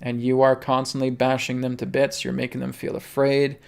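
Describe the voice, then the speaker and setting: A man's voice: mid-range voice, monotone, normal speed, vocal fry, clear, resonant tone. A man hosting a spiritual livestream, teaching in an earnest, pleading way and checking in often with his listeners.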